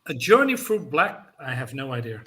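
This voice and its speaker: A man's voice: mid-range voice, sing-song, normal speed, sharp tone. A man chatting on a livestream, hesitant and full of ums. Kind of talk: casual livestream chat.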